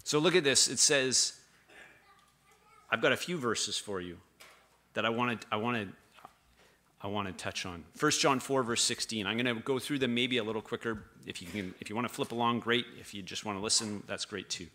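A man's voice: mid-range voice, fairly quick, bright, forceful tone. A man preaching a sermon this morning, reading verses and breaking off for casual asides and corrections. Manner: conversational preaching, reading scripture with restarts and asides.

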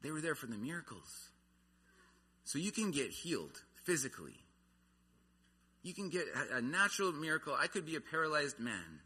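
A man's voice: a little high, very animated, normal speed, pauses often, sharp tone, breathy edge. A man preaching a sermon, earnest, his voice rising and falling in intensity. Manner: earnest, rises and falls in intensity.

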